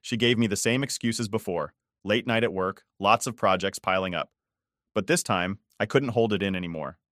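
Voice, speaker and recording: Low-voiced man narrating a story. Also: a bit bright, no echo, clean studio sound. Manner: measured, cold and restrained storytelling. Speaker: first-person story narrator. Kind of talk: scripted first-person story narration.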